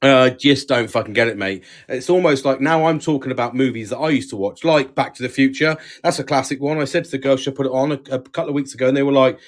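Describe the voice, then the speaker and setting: A man's voice: mid-range voice, fairly even intonation, fast, hardly any pauses. A man in his forties, co-hosting a casual chat with sweary, laddish banter. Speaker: podcast co-host.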